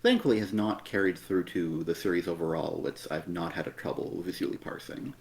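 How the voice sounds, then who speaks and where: A man co-hosting a casual comic review stream, speaking softly in a slightly strained voice left over from an illness, rambling with lots of fillers. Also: deep voice, a little fast, slight background noise. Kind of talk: casual chat.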